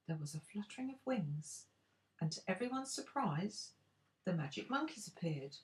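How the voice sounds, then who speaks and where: An older woman, a grandmother, reading a storybook aloud in an expressive, unhurried way. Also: lowish voice.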